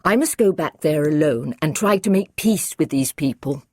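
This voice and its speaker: Calm eccentric male doctor voiced by a woman, earnest, courteous, low, dry. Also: moderate pace, dry recording.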